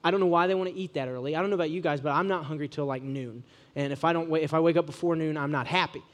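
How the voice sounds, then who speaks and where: Joking young preacher, high voice. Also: male voice, rapid-fire. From Ohio, USA. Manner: casual, joking, animated storyteller. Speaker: preacher to students. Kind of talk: sermon with humorous storytelling.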